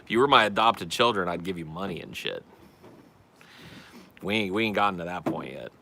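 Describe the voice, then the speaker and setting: A man's voice: deep voice, lively intonation, brisk, gravelly, sharp tone. A man hosting a casual show, reading out viewer questions and answering them in a blunt, profane, self-deprecating way. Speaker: podcast host answering chat questions. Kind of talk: casual chat.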